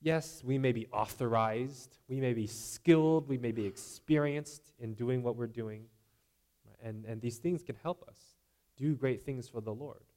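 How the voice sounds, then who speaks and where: A man's voice: medium pitch, measured pace, darkish tone. Conversational man preaching a sermon. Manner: conversational, repeating "right?" and acting out imagined voices.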